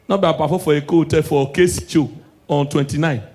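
A man doing stand-up in Nigerian Pidgin English, swinging between low preachy asides and loud shouted punchlines. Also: fairly even intonation, quick pace. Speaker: stand-up comedian. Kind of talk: stand-up comedy set.

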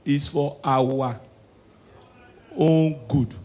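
A young man with a Nigerian accent doing live stand-up comedy, excitable and shouting his punchlines. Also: a little high, drawn-out words.

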